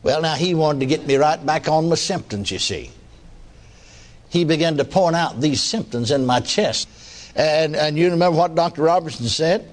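A man's voice: fairly high pitch, expressive, moderate pace. A man preaching a sermon testimony in a folksy storytelling way, often chuckling.

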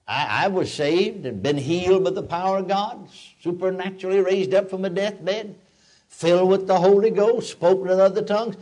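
An older man delivers a sermon, swinging between homey anecdotes and ringing declarations. His voice sits a little high for a man. He speaks as a practiced preacher addressing a congregation. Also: moderate pace, a little mellow. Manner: folksy storytelling preaching, rising to emphatic declarations.

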